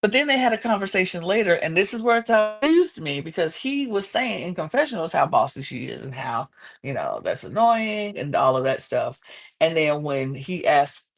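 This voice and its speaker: A woman hosting a podcast, recapping a reality show in casual, animated chat. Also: low-pitched, normal speed, creaky. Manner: chatty, animated, quotes people in exaggerated voices.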